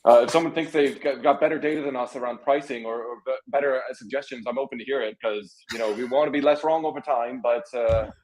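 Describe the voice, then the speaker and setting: A man's voice: mid-range voice, steady tone, a little mellow, natural voice, low-quality recording. A man doing a blunt tech boss, shaky South African accent. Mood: matter-of-fact. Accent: South African, put on. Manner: terse, halting, dismissive. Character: blunt male tech CEO, impression. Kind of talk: comic impression on a livestream.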